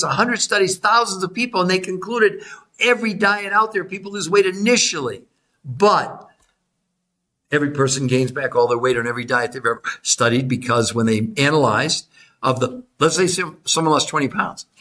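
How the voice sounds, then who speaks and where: High-pitched guy pitching research at viewers, pushy and repetitive, bright sharp tone. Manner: insistent, repetitive, addresses viewers directly; greets live chat viewers by name. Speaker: host presenting research. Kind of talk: emphatic sales-style presentation.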